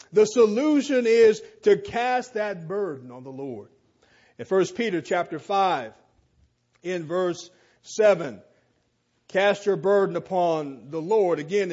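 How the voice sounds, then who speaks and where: A man preaching a sermon, reading scripture and repeating phrases with slow, emphatic stress. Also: sits high, lively intonation, darkish tone, lo-fi sound.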